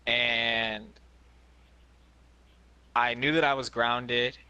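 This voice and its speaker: A man's voice: medium pitch, flat delivery, drawn-out words, pushed and bright, smooth, dry recording. A young man co-hosting a podcast, rambling through a childhood story in casual chat. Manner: rambling, many restarts and fillers. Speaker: podcast co-host.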